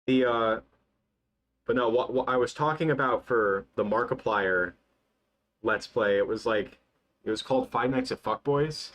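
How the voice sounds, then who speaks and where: A young man hosting a casual livestream, chatting in a rambling, excitable way with many fillers and restarts. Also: mid-range voice, unhurried. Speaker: livestream host.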